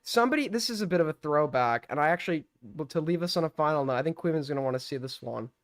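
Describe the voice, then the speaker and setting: A man's voice: on the high side, lively intonation, very fast. A young man hosting a live stream with call-ins, casual and mocking as he accuses a caller.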